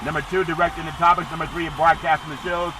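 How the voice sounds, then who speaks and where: A man's voice: on the high side, level tone, fast talker, background noise. A man hosting a solo sports podcast, rambling and jokey with sing-song asides.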